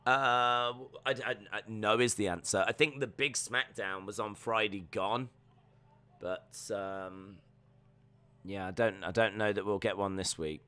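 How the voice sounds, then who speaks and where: A man's voice: fairly low pitch, steady tone, measured pace, pushed and bright, clear, resonant tone. A young man streaming a live wrestling watch-along, joking, rambling and reading viewer comments aloud.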